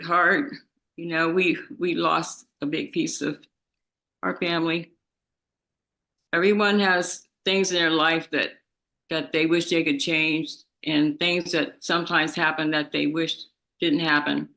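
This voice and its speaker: A woman, a relative of the victim, speaks in court directly to the defendant, distressed and halting, repeating herself as she accuses. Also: low voice, fairly even intonation, gravelly, bright, forceful tone. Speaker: victim's relative giving an impact statement.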